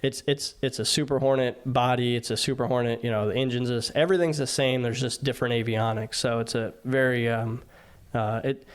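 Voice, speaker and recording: A man's voice: mid-range voice, steady tone, fairly quick, smooth. A man, a former navy aviation sailor, telling stories in a casual interview, rambling with many fillers and restarts.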